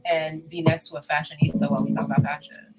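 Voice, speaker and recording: A woman with a New York accent hosting a casual live chat, lively and swinging in pitch and loudness. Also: quick pace, poor audio. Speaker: livestream host. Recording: music playing behind.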